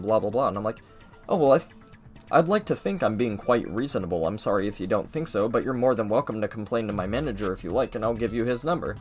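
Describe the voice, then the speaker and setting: A man's voice: medium pitch, quick pace, faint music behind. Young man rambling through a story. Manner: rambling, animated, mimics people in his story. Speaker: gaming video host. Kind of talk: casual storytelling over gameplay.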